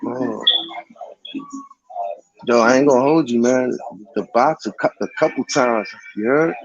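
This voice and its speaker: A man's voice: measured pace, gravelly, dull audio. A man talking in a casual vlog monologue, rambling in slangy street talk with many restarts. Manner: sing-song high calls of a greeting catchphrase. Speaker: vlogger.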